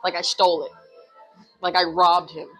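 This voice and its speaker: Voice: medium pitch, little pitch movement, normal speed, fairly bright tone, slightly rough, soft background music, rough recording. A young adult rapper speaking candidly as an interview guest, full of "like" fillers. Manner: candid, heavy use of "like" fillers. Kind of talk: casual interview chat.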